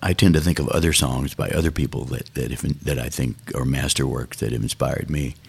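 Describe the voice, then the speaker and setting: Very deep gravelly man, thoughtful. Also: steady tone. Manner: thoughtful, unhurried, musing. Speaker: songwriter guest. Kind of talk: reflective interview talk.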